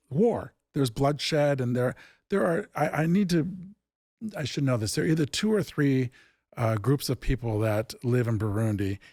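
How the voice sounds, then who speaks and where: A man who founded an improv theatre, telling stories in a casual interview and acting out the dialogue with lively jumps in pitch. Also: dry recording, clean studio sound. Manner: animated, acts out quoted dialogue with big pitch jumps.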